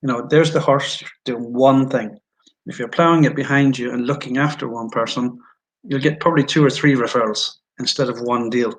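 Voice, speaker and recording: A man's voice: mid-range voice, fairly even intonation, normal speed, poor audio. A Scottish man, a guest on an interview show, candidly telling personal stories in a frank, self-deprecating way. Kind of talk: candid storytelling in conversation.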